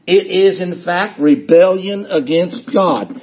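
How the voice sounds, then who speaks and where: A man's voice: on the high side, very animated, a little slow, pauses often, breathy edge, lo-fi sound. A man preaching a sermon with emphasis, repeating his key phrases and acting out people's excuses.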